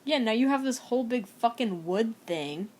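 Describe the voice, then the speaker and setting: Young woman, film reactor; profane, giggly, rambling commentary, slightly high voice. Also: lively intonation, normal speed, a little mellow. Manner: swears a lot, laughs often, rambling reactions. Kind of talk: casual watch-along commentary.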